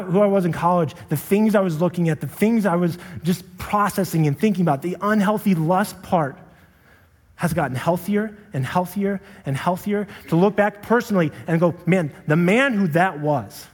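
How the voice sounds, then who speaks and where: The young adult pastor's voice sits high and is slightly rough, moving at a moderate pace through an earnest, confessional sermon. Retelling his anger, he escalates to impassioned shouting, with long reverb from a large hall.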